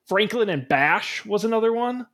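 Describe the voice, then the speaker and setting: Male podcast host, a bit higher-pitched than most, easygoing and enthusiastic, filler-heavy delivery. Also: animated, normal speed, a bit bright. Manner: chatty, with frequent ums and uhs; upbeat and enthusiastic when plugging the show. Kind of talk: casual tech podcast chat and show plugs.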